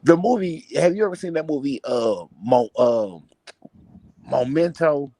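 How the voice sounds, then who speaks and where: A man on a casual live stream, joking loudly, swearing a lot and laughing between rants. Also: on the high side, lively intonation, measured pace, no room sound. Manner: loud, profane, laughing, riffs into mocking voices. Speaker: podcast co-host.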